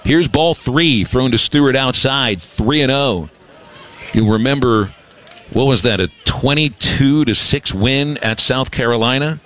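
A man's voice: mid-range voice, muffled recording. Man calling baseball play-by-play. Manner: brisk, conversational call with dry humor. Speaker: play-by-play announcer. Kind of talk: live baseball play-by-play commentary.

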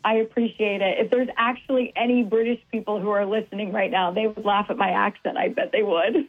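A woman's voice: medium pitch, fairly even intonation, brisk, few pauses, faint music behind. Woman calling in, self-deprecating and chatty, tinny phone sound. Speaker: sports reporter. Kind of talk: casual radio chat.

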